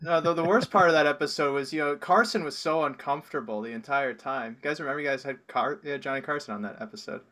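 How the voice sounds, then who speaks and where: A man's voice: fairly high pitch, quick pace, hardly any pauses, pushed and bright. A man in a casual comedy chat who stumbles and repeats words as he starts his points.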